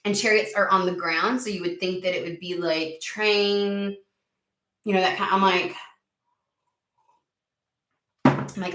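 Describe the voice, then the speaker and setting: A woman's voice: medium pitch, steady tone, normal speed, a bit bright, distant mic, slight background noise. A woman gives a casual tarot reading, her mid-range voice jumping between amused exasperation and sudden outbursts. She swears freely and talks back at the spirit she's reading for. She sounds a step away from the mic, in a room that echoes. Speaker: tarot reader.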